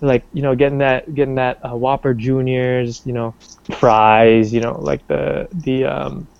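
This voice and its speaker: A man's voice: medium pitch, a little slow, creaky, clear, resonant tone, dry recording, dull audio. A young man from Canada being interviewed, talking casually with lots of fillers and restarts. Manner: rambling, many restarts and fillers, animated when quoting.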